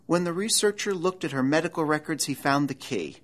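A man narrates a documentary in a measured, dramatic manner. His delivery is scripted and deliberate, the kind that draws out suspense in a true mystery tale. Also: on the high side, fairly bright tone.

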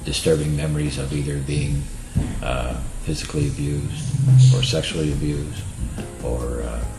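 A man giving a reflective, measured answer in a documentary interview. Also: a bass voice, steady tone. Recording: echoey room with clear music behind.

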